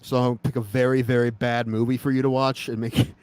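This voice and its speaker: A man's voice: medium pitch, little pitch movement, fast talker, a little mellow, clear, resonant tone, no room sound. An American man co-hosting a podcast in casual, laid-back chat, often laughing. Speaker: podcast co-host.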